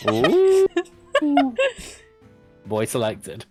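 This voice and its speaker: Easygoing low-voiced gaming partner in thirties. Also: huge pitch swings, very slow, darkish tone, soft background music. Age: 30s. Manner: easygoing, reflective, chuckles while talking. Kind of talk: casual gaming chat.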